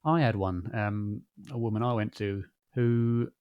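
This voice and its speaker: Low-voiced man thinking aloud, dry sound. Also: steady tone, clear, resonant tone, no room sound, highs cut off. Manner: thinks aloud, reasons slowly with restarts. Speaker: podcast host. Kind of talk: casual conversation.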